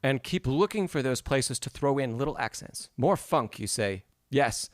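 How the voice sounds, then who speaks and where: A man's voice: medium pitch, expressive, moderate pace. Man teaching piano on a live stream. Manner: encouraging, explanatory, hums phrases aloud.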